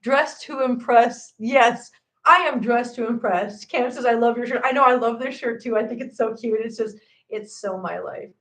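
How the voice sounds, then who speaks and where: Woman, forties, chatty livestream host, rambling, quick laughs, laptop mic at home. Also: on the high side, fairly bright tone. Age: 40s. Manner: chatty, rambling, laughs often, reads chat comments aloud. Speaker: livestream host reading chat. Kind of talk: casual livestream chat. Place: her home. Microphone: laptop microphone.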